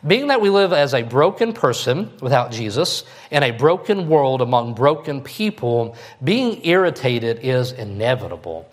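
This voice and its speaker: Folksy preacher, mid-pitched man. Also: sing-song, normal speed. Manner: folksy, conversational preaching with frequent "all right?" check-ins. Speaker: pastor. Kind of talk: sermon.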